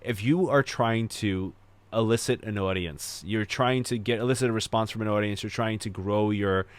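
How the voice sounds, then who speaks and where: A man's voice: on the low side, normal speed, clean tone, no echo. A man hosting a podcast, talking in an earnest, reflective way and repeating words for emphasis. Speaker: podcast host. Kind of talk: casual podcast conversation.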